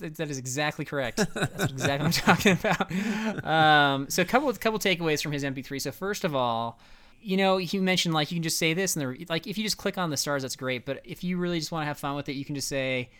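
A man co-hosting a casual podcast chat, playful and quick to laugh. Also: fairly high pitch, fairly bright tone. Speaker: podcast co-host.

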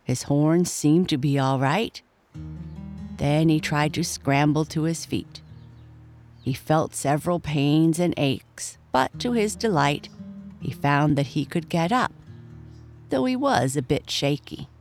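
A woman narrating a children's storybook, gently addressing boys and girls. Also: deep voice, lively intonation, takes it slowly, faint music behind.

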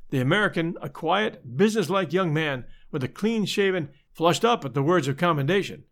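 A man reading a story aloud as a measured, dramatic narrator. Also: fairly high pitch, animated, a bit bright. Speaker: audiobook narrator. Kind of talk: scripted narration.

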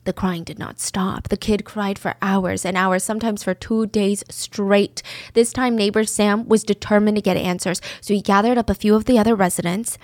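A woman's voice: medium pitch, fairly even intonation, normal speed, few pauses, a little mellow, no echo. A woman narrating a true crime story in a casual, chatty way, with conversational asides.

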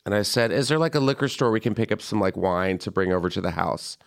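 A young man hosting a podcast, telling a story in an animated, chatty way and acting out the voices of people he quotes. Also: fairly low pitch, gravelly. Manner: animated, quick asides, acts out quoted voices. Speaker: podcast host. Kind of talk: casual storytelling chat.

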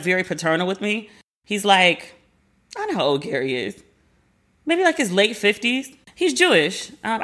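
A woman in her forties hosting a podcast, chatting casually and animatedly, slangy, acting out quoted people in a higher voice. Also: a bit bright. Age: 40s. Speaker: podcast host. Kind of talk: casual chat.

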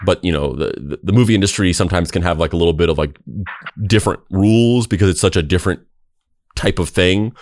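Low-voiced man in casual chat. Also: quick pace, a little mellow, no echo, studio quality. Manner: rambling, with many restarts and fillers. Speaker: podcast host.

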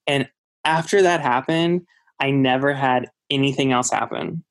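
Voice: medium pitch, a little slow, no room sound. A speaker telling a personal ghost story in casual chat, rambling with many fillers and restarts. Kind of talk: casual spoken anecdote.

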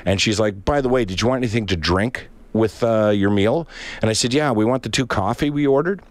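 A man's voice: lowish voice, a little fast, dry recording. A middle-aged Canadian man in casual chat, telling a long anecdote and acting out the voices of the people in it. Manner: animated anecdote with acted-out voices.

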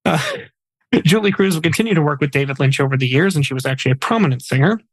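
A man's voice: on the high side, expressive, fast talker, slightly rough, dry recording, low-quality recording. A man hosting a podcast, casually reading out memorial facts with light jokes mixed in. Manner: reads facts in a chatty way with small jokes. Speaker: podcast host.

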